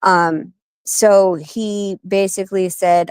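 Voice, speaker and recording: A woman in her forties, a guest on an interview show, telling animated stories and acting out the people she quotes. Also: mid-range voice, a little slow, dry recording. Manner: animated, acts out quoted voices. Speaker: guest, wife and manager of a boxer. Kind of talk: casual interview storytelling.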